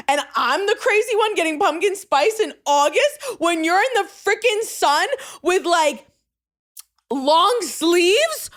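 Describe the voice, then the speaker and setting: A young woman hosting a podcast, telling a story in casual chat, swinging from hushed asides to loud, exasperated outbursts and using "like" constantly. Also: extremely high pitch, expressive, slow. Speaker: podcast host.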